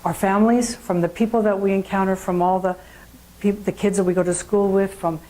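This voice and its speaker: A woman's voice: medium pitch, fairly even intonation, a little fast, warm tone, rough recording. A woman giving a sermon at a spiritual centre, telling a story in a conversational way and putting questions to the audience.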